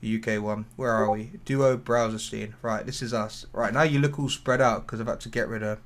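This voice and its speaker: A man's voice: fairly low pitch, steady tone, normal speed. A man co-hosting a podcast, chatting in a rambling, sweary way. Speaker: podcast co-host. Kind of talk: casual chat.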